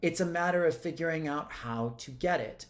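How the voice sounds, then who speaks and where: A man's voice: on the high side, normal speed. A man in his thirties, a life coach talking to camera in a blunt, emphatic way and swearing freely. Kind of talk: casual monologue to camera.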